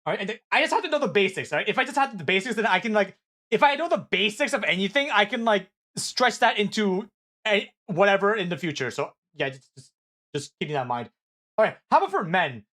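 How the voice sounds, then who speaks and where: A fast, high-pitched young male streamer, originally a Korean speaker, reacts to viewer messages in relaxed live-stream chat. His manner is excitable, sweary and apologetic, punctuated by frequent laughter and restarts.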